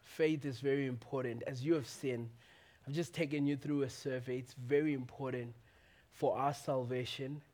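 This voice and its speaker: A man preaching a sermon in a church, swinging from impassioned outcries to quiet, reflective teaching. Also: mid-range voice, fairly even intonation, normal speed. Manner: impassioned preaching, rising to shouts then quieting. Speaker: pastor.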